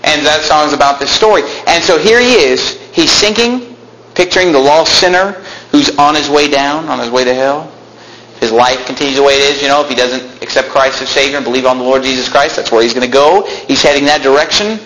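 A man preaching a sermon in a church, animated, acting out quotes and bursting into shouts. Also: mid-range voice, a little fast, roomy sound, poor audio.

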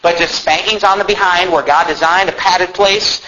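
A male pastor preaching a sermon, swinging from loud emphatic preaching to low asides. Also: fairly even intonation, moderate pace, highs cut off.

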